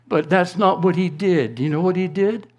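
A man preaching a sermon to his congregation, slow and deliberate, rising to emphatic proclamations and dropping to a hush. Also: high voice. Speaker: pastor.

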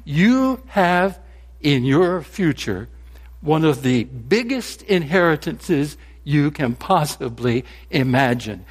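Slow, husky preaching man in a hall. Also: a little high. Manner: animated preaching with joke anecdotes. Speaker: pastor. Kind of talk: sermon. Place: church sanctuary. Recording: long reverb in a large hall.

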